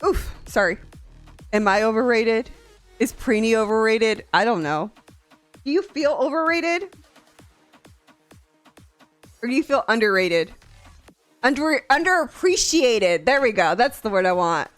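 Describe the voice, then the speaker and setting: Lively, soft-voiced woman streamer from Tennessee. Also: a little high, a little slow, long pauses, no echo, faint music behind. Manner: chatty, swears freely, laughs often. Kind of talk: casual chat with viewers.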